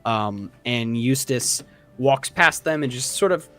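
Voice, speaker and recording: A man's voice: mid-range voice, expressive, slow, a bit bright, faint music behind. A man narrating a tabletop game as game master, casual and rambling with many fillers.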